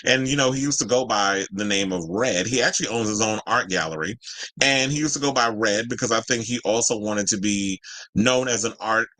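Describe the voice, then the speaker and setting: A man's voice: lowish voice, a little fast, bright, forceful tone, no echo, rough recording. A man hosting casual celebrity gossip commentary, sassy and chatty, full of asides to his viewers. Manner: sassy and chatty, says "child" and "y'all". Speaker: host.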